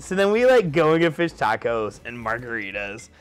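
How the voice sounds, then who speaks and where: A drunk young man telling a rambling story, jumping into loud high-pitched quotes. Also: lively intonation, moderate pace, hardly any pauses, clear, resonant tone. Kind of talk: tipsy rambling anecdote.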